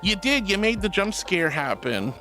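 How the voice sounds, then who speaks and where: A gushing male streamer with a high voice that swings all over. He sounds excitable and affectionate, calling his viewers pet names between gasps and laughs. He is chatting casually and reading out messages. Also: moderate pace, faint music behind. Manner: gushing and affectionate, calls viewers sweetie and honey.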